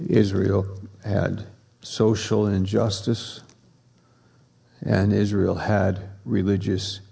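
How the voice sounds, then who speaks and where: A man preaching a sermon, slow and emphatic, repeating key words for effect. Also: lowish voice, gravelly, mellow, breathy edge.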